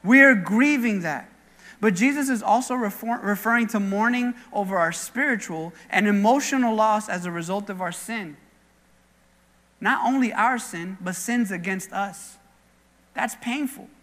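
A man's voice: sits high, normal speed, fairly bright tone, in a large hall. A man preaching a sermon as pastor, speaking earnestly and conversationally and weaving in personal stories. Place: church sanctuary.

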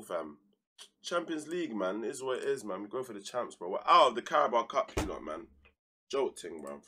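A man's voice: lowish voice, very animated, moderate pace, sharp tone, husky. A young man, casually commentating his football manager game on a live stream, full of slang, flaring into heated outbursts and then dropping to mutters.

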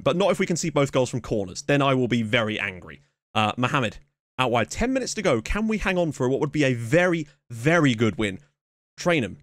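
A man hosting a let's play, giving excitable running commentary on a match with sudden yelps at big moments. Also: mid-range voice, no echo. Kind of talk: casual gameplay commentary. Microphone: camera mic.

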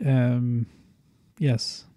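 A man's voice: mid-range voice, level tone, extremely slow, dark tone, dry recording. A man rambling casually while testing a cheap dynamic USB microphone at his home computer. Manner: rambling, unscripted, with fillers. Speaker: microphone tester. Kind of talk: casual mic test talk.

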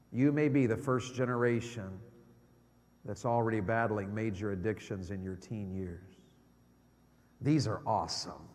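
A middle-aged man preaching a sermon as an evangelist, swinging from loud exclamations to hushed low tones. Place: church sanctuary. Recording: long church hall reverb.

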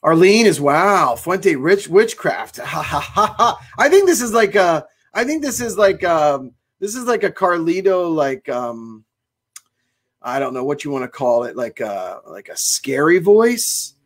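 A man's voice: a little high, very animated, a little slow. A man hosting a cigar shop livestream, chatting casually and enthusiastically as he reads viewer comments. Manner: chatty and enthusiastic, exclaims often.

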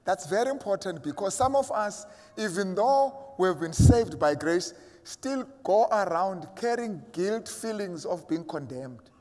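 A man's voice: sits high, lively intonation, measured pace, darkish tone, long reverb tail. A man preaching a sermon as a pastor, emphatic and acting out imagined voices of his listeners. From South Africa.

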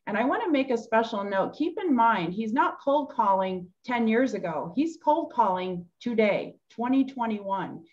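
A woman's voice: a little high, animated, normal speed, few pauses. Upbeat woman hosting a muffled webinar. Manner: upbeat, encouraging, praises the guest. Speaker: host, education manager. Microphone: video call.

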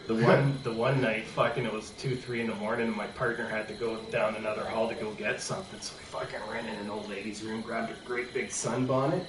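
A man's voice: fairly low pitch, brisk, hardly any pauses, noisy background. Guy swearing thru his stories, echoey room, far from the mic. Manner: profane, animated anecdotes. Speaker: streamer chatting with a friend. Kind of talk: casual storytelling chat.

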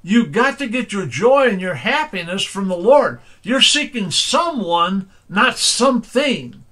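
An older man preaches in a folksy, conversational way, full of homespun stories and asides. His voice sits high and sounds bright and ringing. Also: sing-song, a little slow. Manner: folksy storytelling preaching, says "all right?" often. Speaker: pastor. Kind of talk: sermon.

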